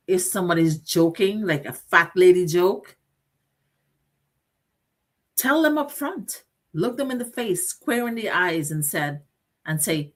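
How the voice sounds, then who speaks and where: A middle-aged woman hosts a motivational talk show in a somewhat low voice. She speaks earnestly and directly, asking her listeners questions and stacking up repeated phrases. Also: animated, moderate pace. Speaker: host.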